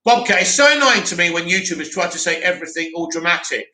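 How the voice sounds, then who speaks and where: A man hosting a live stream, chatting casually and answering viewer comments in an animated way. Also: high voice, fast talker, hardly any pauses, echoey room. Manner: chatty, animated, mocks a dramatic voice.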